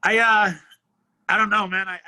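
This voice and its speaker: Comedian guest, really bright high voice, rambly and laughing, dry sound. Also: male voice, little pitch movement, brisk, dry recording, rough recording. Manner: rambling, laughs easily, swears. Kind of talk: casual comedic chat.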